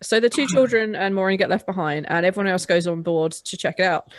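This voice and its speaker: A woman's voice: medium pitch, fast, no echo. Sarcastic woman co-hosting a movie chat. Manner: sarcastic, swears, stumbles and restarts. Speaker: podcast co-host. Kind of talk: casual movie review chat.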